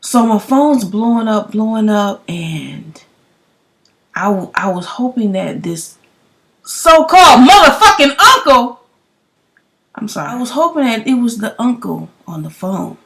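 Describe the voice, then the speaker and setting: A young woman, telling a story in a loud, profane vlog rant full of emphatic rhetorical questions. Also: on the high side, very animated, unhurried, gravelly. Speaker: vlogger.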